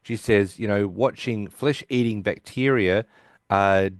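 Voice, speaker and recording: A podcast co-host rambles through an episode recap, quoting the characters' lines and restarting his sentences often. His voice is lowish and his pace measured, captured in a dry, clean studio recording.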